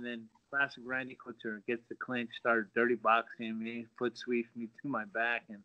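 Brief: middle-aged man, lively storyteller, mid pitch, slightly dull lo-fi audio. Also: normal speed, hardly any pauses. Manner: animated, acts out quotes with lots of fillers. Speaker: guest, former pro fighter. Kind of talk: casual storytelling. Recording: dull lo-fi sound.

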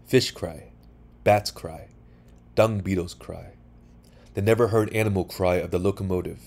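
A man reading a short story aloud for sleep, calm and measured. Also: deep voice, gravelly. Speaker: narrator.

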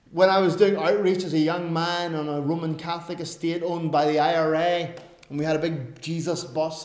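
Male pastor, slightly high voice, emphatic delivery with wry asides, recorded in a reverberant church. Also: darkish tone. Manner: emphatic, with self-aware asides. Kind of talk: sermon. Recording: roomy church echo.

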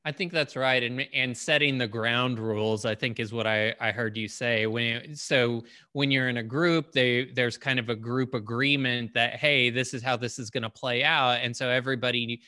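Forceful man, dry close sound. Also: medium pitch, steady tone, normal speed, hardly any pauses, no echo. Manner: reflective, sums up the guest's points. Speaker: podcast host. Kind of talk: conversational interview.

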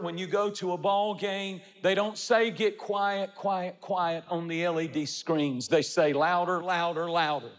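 A man's voice: sits high, in a large hall. A man preaching a sermon as pastor, building emphatic, repetitive rhythms.

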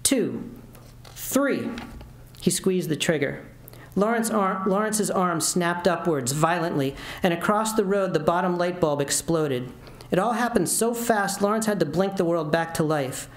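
A man with a high voice gives a literary reading of his own fiction in a university lecture room, narrating steadily at a moderate pace. The hall sounds roomy, and he sometimes starts a line over.

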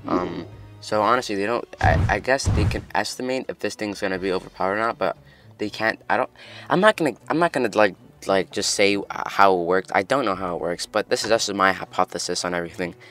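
A man with a lowish voice runs through game patch notes in a casual, excitable way. He rambles and stumbles over his words, restarting sentences as he goes. Faint music plays underneath. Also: fairly quick. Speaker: gaming news host. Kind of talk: casual game update commentary.

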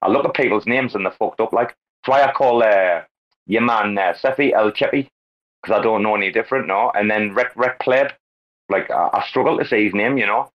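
A man hosting a crypto talk space, brash and excitable, swearing constantly in casual banter. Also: fairly low pitch, fairly quick. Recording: lo-fi online call audio.

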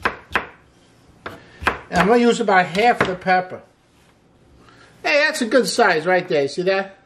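A man's voice: sits high, sing-song, takes it slowly, a bit bright, a little hiss or hum. A middle-aged man hosting a cooking show as a chef, chatty and upbeat, walking through a recipe step by step with frequent exclamations. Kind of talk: casual cooking demonstration.

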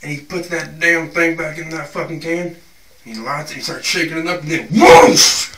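A man's voice: fairly high pitch, steady tone, a little fast, crowd noise, lightly acted. A man playing a crude, rowdy working-class guy telling a profane, rambling tall tale in a comedic monologue. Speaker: storyteller. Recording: echoey room, far from mic.

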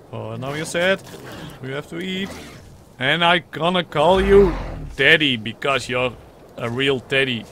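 A young man with a high, light voice commentates his gameplay at the desk, excitable and chattering, stacking up repeated words and breaking into laughs. He plays along as the mother creature he controls, half joking. A steady noisy hiss sits under his voice. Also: a little slow. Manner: playfully role-plays as the mother creature in the game. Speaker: gaming channel host. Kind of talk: let's play commentary.

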